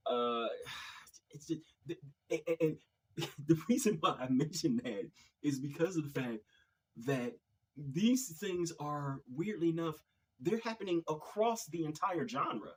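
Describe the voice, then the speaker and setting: A man's voice: a little high, animated, measured pace, breathy edge, low-quality recording. A man hosting his own video channel, giving an opinion monologue in a hesitant way, often repeating words and sighing. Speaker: video commentary host.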